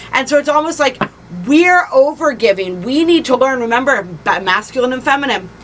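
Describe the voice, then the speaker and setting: A woman with a slightly raised voice talks through a spiritual reading in a loose, friendly ramble. She laughs easily and slows down to land the main points. A faint background hiss sits under the recording. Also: a little high. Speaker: spiritual reader and channel host. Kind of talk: casual spiritual reading monologue.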